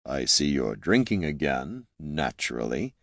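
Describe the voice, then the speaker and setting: A man voicing a haughty, condescending young male wizard who speaks in a cold, slow, disdainful way in an audiobook. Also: deep voice, sing-song, dry recording, clean studio sound, full character voice.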